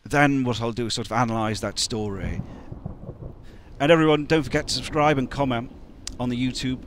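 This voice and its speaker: A man's voice: medium pitch, fairly bright tone, no echo. Chatty man retelling old ballads. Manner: chatty, restarts and asides while retelling. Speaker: YouTube presenter on medieval ballads. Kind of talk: casual storytelling lecture.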